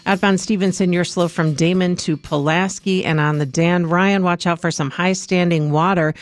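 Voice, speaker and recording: A woman giving a radio traffic report, briskly rattling off roads. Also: on the low side, fairly even intonation.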